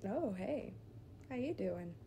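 A young woman giving casual gameplay commentary, excitable and swinging between quiet muttering and loud outbursts. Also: mid-range voice, takes it slowly, vocal fry, a little hiss or hum. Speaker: gaming video creator.

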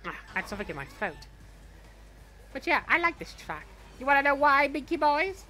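Playing a cocky, greedy young male villain, a fan voice actor chats boastfully over a game in playful, in-character commentary. His bright, forceful voice has a lively pitch that jumps up and down, delivered in full character at a slightly fast clip over soft background music.

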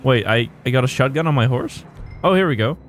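A man's voice: mid-range voice, lively intonation, brisk. A man giving jokey let's-play commentary while playing a video game, laughing often. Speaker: gaming YouTuber. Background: faint game music.

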